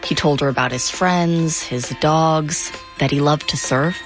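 A woman hosting a podcast, switching between scripted narration and measured, curious questions to her guest. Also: sits low, soft background music.

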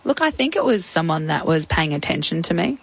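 Low, gravelly Australian woman recounting her story. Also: big pitch swings, brisk, dry recording, low-quality recording. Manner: casual, reflective, uses "I'm like" and quoted speech. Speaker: interview guest.

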